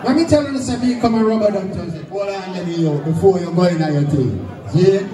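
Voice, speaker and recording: A man's voice: sits high, fairly quick. A man from Jamaica hosting a sound clash, chatting in patois. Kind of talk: hyped dancehall hosting. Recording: loud roomy live venue from a distance. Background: crowd and dancehall music.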